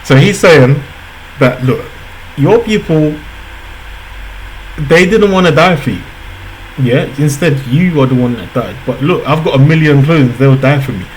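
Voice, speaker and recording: A man hosting a casual reaction video, talking excitably, laughing often and repeating himself. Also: fairly high pitch, measured pace, long pauses, slight background noise, low-quality recording.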